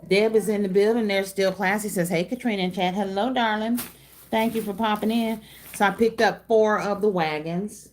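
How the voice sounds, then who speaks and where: A woman's voice: medium pitch, steady tone, normal speed, slight background noise. A middle-aged woman, chatting casually on a craft livestream, reading viewer comments and calling them y'all and darling. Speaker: craft channel host.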